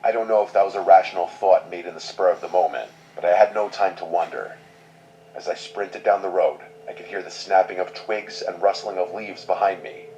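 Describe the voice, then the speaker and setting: A man reading a scripted horror story in a measured, somber way. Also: sits low, steady tone, dark tone. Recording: dull lo-fi sound, faint noise.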